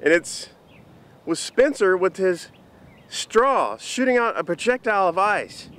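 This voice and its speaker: A man telling a story to the camera in an animated, chatty vlog. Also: sits high, unhurried, slight background noise. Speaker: vlogger.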